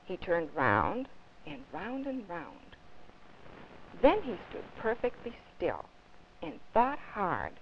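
A woman children's librarian reading a picture book aloud with expressive storytelling, on dull lo-fi 1950s TV audio. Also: mid-range voice.

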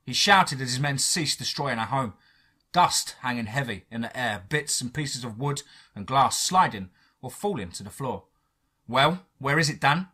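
A man narrating a first-person horror story in a dramatic, measured way. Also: mid-range voice, expressive, sharp tone, slightly rough.

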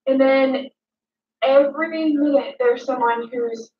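A woman's voice: high voice, slow pace, far from the mic. A woman playing a dramatic female influencer, ranting emotionally at her critics with repetition and swearing. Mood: indignant. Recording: dull, echoey room, mic set back.

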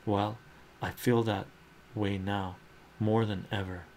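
A man voicing an earnest adult man who declares his love to a colleague, read in a soft, unhurried ASMR comic reading. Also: on the low side, level tone, slight background noise.

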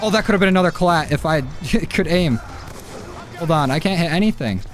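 A man giving gameplay commentary, excitable and self-mocking, laughing at his own misses. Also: fairly high pitch, a little fast. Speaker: gaming YouTuber. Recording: game music and gunfire behind.

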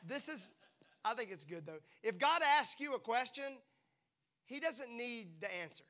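In his church sermon, a pastor speaks in a high, bright voice that rings out, keeping things lively and playful with the congregation. Every so often he jumps into a quick acted-out voice and then settles back into ordinary talk.

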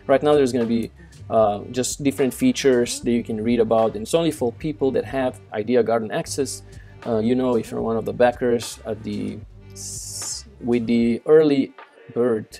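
A man with a gravelly, dark voice talks through a text adventure, reading its lines and thinking aloud. He stumbles, corrects himself and drops in fillers, in a relaxed walkthrough manner. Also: medium pitch. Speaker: game developer doing a walkthrough. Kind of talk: casual gameplay walkthrough.

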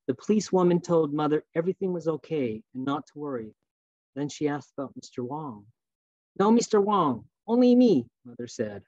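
A man reading aloud from his novel in a measured, earnest storytelling voice over a video call. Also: mid-range voice, a little mellow, no echo, dull audio. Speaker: author.

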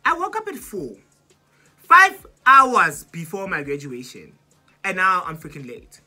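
A woman's voice: on the low side, huge pitch swings, measured pace, pushed and bright, soft background music. A young South African woman in her twenties with a South African accent, dramatically retelling a storytime vlog and mixing in isiZulu words. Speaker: YouTuber.

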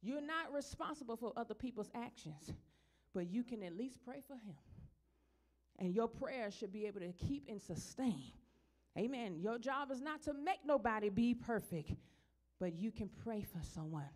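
A middle-aged woman minister delivers an animated sermon in church at normal speed. She addresses the congregation plainly before rising into loud, high-pitched, emphatic stretches.

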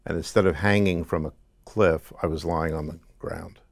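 A man guest in an interview, recounting a dream in a halting way with restarts. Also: low-pitched, steady tone, gravelly, dry recording. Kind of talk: testimony interview.

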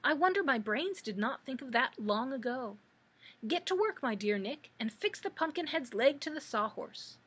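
A woman's voice: high-pitched, animated, moderate pace, a bit bright, slightly rough, voice pushed up, heavily acted. A woman voicing a proud, cheerful scarecrow stuffed with straw, speaking in a proud, approving way in a storybook reading.

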